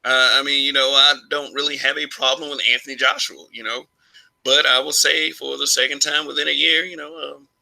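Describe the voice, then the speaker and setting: Bright-voiced man ranting casually. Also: mid-range voice, level tone, fairly quick, gravelly, low-quality recording. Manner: rambling, frequent restarts and laughs. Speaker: YouTube commentator. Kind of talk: casual opinion monologue.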